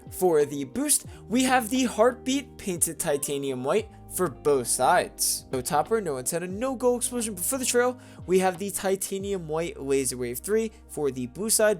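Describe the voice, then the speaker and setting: A young man hosting a gaming channel, giving an enthusiastic casual commentary voice-over with bouncy jumps in pitch. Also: big pitch swings, moderate pace, few pauses, faint music behind.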